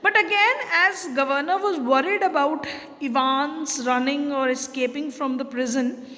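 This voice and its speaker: A woman English teacher with a high voice walks through a textbook story. She reads a passage and then retells it in plain words, pausing on fillers. A long reverb hangs behind her voice. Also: pushed and bright. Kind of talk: explaining a textbook chapter.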